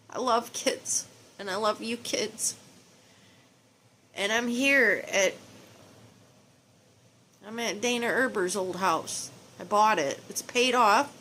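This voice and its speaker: A woman's voice: mid-range voice, slow pace, pauses often, pushed and bright, a little hiss or hum. A middle-aged woman speaking tenderly and pleadingly in a personal video message to her estranged children, quoting scripture at times. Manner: preachy, quotes scripture.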